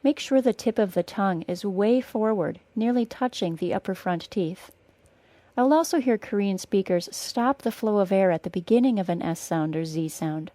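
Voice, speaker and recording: Modeling each sound slowly and carefully, a young woman teaches pronunciation on a podcast. She comes from northern Wisconsin, has a General American accent, and her mid-range voice sounds mellow with no echo.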